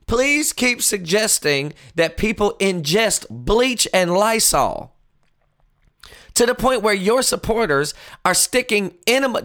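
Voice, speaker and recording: Animated high-voiced male political commentator. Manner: animated, mocking, swings from loud outbursts to low earnest tones. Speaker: talk show host.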